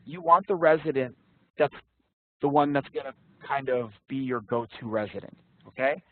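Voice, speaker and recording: A man's voice: medium pitch, moderate pace, no room sound. Blunt man teaching over a call. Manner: casual, blunt, swears, quizzes students. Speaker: interview prep instructor. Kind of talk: online class teaching. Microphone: video call. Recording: tinny dry call audio.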